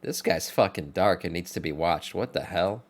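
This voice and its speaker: A man's voice: low voice, moderate pace. A man streamer giving loose, blunt commentary as he reacts to a video, swearing freely.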